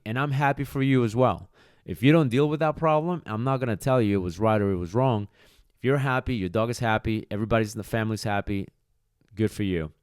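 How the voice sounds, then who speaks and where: A man's voice: medium pitch, a little fast, clean tone, dry recording, studio quality. A man who trains dogs, hosting a podcast monologue and speaking bluntly and emphatically, with casual swearing. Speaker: dog trainer, podcast host.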